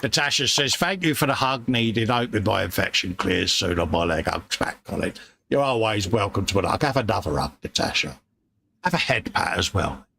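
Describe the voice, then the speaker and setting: Man, casual livestream host, matey and chatty, gravelly, bright edge, faint background noise. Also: fairly low pitch, expressive, moderate pace. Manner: chatty, matey, reads out viewer messages. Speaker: livestream host reading chat.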